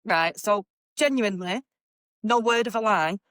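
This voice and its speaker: A young woman with a Mancunian accent chats straight into a dry, close mic as host of her own podcast. Her voice sits at an ordinary middle pitch. She talks in a loose, blunt way and swears without a second thought. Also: measured pace, a bit bright, no echo. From Manchester, England. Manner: chatty and blunt, swears freely. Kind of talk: casual chat.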